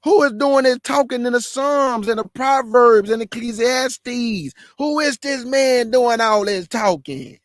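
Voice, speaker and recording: Fervent high-voiced man preaching. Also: measured pace, few pauses, no room sound, studio quality. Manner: fervent, exclaims and calls out to listeners. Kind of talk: fervent scripture reading and preaching.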